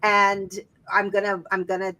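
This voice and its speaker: A woman's voice: mid-range voice, completely flat delivery, normal speed, bright, forceful tone. A woman co-hosting a podcast, talking casually and thinking aloud, often checking in with "right?". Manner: rambling, thinks aloud, tag questions. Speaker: podcast co-host. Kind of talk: casual chat.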